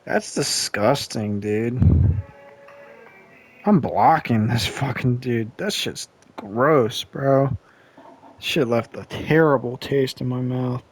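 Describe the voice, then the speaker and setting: A man ranting to camera in a casual vlog, blunt and profane, rambling with restarts and drawn-out complaints. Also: medium pitch, faint music behind. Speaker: vlogger.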